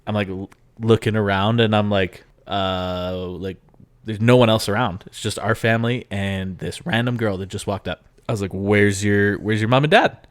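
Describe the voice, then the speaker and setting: A man's voice: on the low side, normal speed, no room sound. A man from Canada co-hosting a podcast, telling a story in casual chat and mimicking the people in it. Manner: animated storytelling, mimics voices in quotes. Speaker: podcast co-host.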